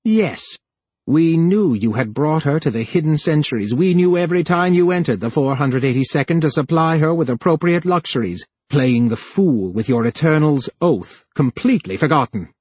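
A male narrator voicing a plump, scheming male official who sneers and then pleads in a higher voice. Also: animated, normal speed, darkish tone, breathy edge, dry recording. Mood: scornful.

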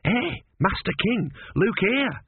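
A man playing a young male apprentice embalmer in an audiobook, pitched well up and full of eager enthusiasm. The voice swoops about lively and sounds a little husky through a thin, phone-like band. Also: slow, no room sound, heavily acted. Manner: eager, high and bright.

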